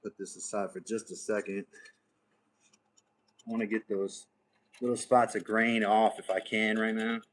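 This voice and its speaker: A man hosting a live crafting stream from his workshop, thinking aloud in an unhurried way and muttering to himself as he works. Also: lowish voice, level tone, poor audio. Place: home workshop.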